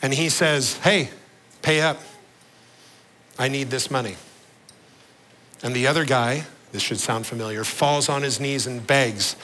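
Pastor, male, bright ringing voice, earnest sermon delivery that sinks low and slow for emphasis. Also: slight background noise, low-quality recording. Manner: earnest, slows and drops low on key words.

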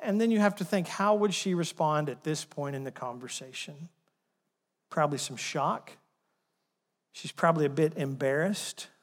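A man preaching a sermon in church, animated, acting out the dialogue of the story. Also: on the high side, normal speed. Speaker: pastor. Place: church sanctuary. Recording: long hall reverb.

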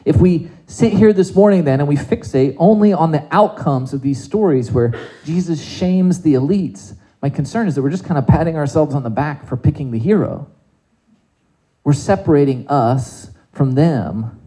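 A man preaching a sermon in a conversational, animated way, asking the congregation rhetorical questions. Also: fairly high pitch, normal speed, rough recording. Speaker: pastor.

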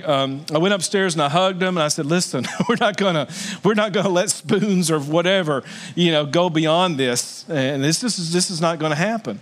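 A middle-aged man gives a sermon from the pulpit, his voice sitting a little higher than most men's. He is earnest throughout, slowing into soft, drawn-out stresses and then rising into loud, high exclamations. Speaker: pastor.

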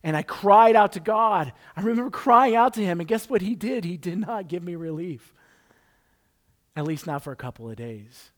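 High-voiced pastor telling a story. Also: male voice, animated, moderate pace, fairly bright tone. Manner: conversational, joking with the congregation. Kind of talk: sermon with personal story.

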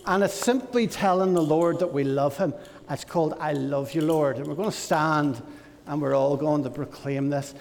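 A man leading a church service as pastor, telling a playful, animated story to children. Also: on the high side, long reverb tail.

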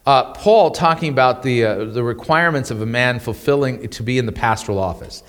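A man teaching the Bible in a conversational, animated way, often stumbling over and repeating his words and chuckling as he explains. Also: medium pitch, a little fast, long reverb tail.

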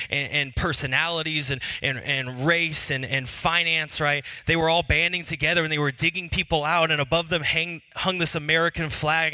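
Casting: earnest married man, casual talk, very bright tone, dry close sound. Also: a little high, dry recording. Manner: animated and earnest, many fillers and restarts. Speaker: Christian speaker.

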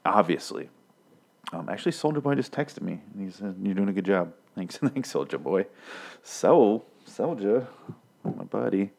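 A man giving a mock-serious, faux-scholarly breakdown of song lyrics in a deadpan comedic style. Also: fairly low pitch, a little slow, creaky, slightly rough. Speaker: comedic commentator.

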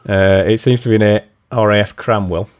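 A man's voice: on the low side, fairly even intonation, moderate pace. Laid-back man chatting. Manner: self-deprecating, laughs often. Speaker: podcast co-host. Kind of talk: casual chat.

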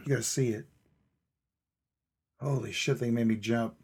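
Husky-voiced joking male co-host. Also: medium pitch, fairly even intonation, moderate pace, darkish tone. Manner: blunt, joking, swears freely. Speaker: podcast co-host. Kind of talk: casual chat.

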